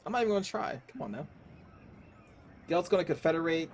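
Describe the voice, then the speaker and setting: A man's voice: a little high, expressive, quick pace, a little hiss or hum. A man casually commenting on his strategy game as he plays, chatty and wry, thinking aloud. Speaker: gaming streamer. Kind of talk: casual let's-play commentary. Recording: game music underneath.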